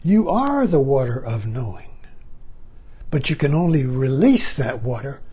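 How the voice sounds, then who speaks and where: An older man giving a reflective spiritual talk as a teacher, slow and emphatic, pausing often and repeating his questions. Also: mid-range voice, big pitch swings, dark tone, husky.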